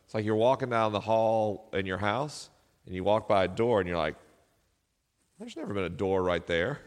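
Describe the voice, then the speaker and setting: A middle-aged man, a podcast host, telling a personal story live to an audience, self-deprecating and laughing often. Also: low voice. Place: live venue. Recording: live hall with long reverb.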